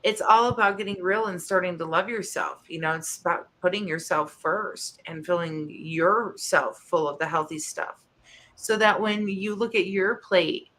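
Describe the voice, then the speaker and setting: Woman in her 30s, bright sharp voice, lowish pitch, emotional confessional chat. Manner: emotional, confessional, halting restarts. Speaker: co-host. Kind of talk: candid personal chat.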